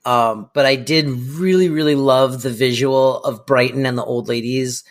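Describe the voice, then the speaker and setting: An easygoing man co-hosting a podcast talks through his favorite moments of an episode. He hesitates often, restarts his sentences and laughs along. His voice sits at an ordinary, middling pitch. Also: steady tone, moderate pace. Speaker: podcast co-host. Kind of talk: casual recap chat.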